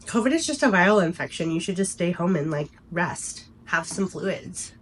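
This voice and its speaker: A woman's voice: lowish voice, expressive, normal speed, a bit bright, slight background noise, rough recording. A woman voicing a dismissive, sassy female ER doctor, speaking in a condescending drawl.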